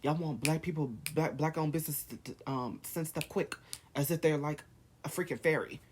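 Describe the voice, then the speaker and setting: A man's voice: fairly high pitch, moderate pace, darkish tone, slight background noise. A man vlogging, firing off heated rhetorical questions in a rant to camera. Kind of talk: ranting to camera.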